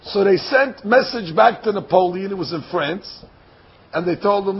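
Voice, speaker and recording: A man teaching a sermon through an animated story, acting out the dialogue and repeating phrases for effect. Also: high voice, normal speed, slightly rough, dull audio.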